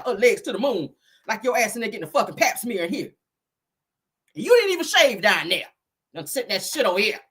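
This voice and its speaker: A woman putting on an outraged churchgoing mother, scolding in shrill, rapid-fire questions. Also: bright, forceful tone, slightly rough, heavily acted. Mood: indignant.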